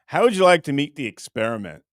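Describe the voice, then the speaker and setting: A man's voice: on the high side, big pitch swings, quick pace, no echo, studio quality. A man hosting a show, riffing through comic bits in casual chat and laughing often. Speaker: host.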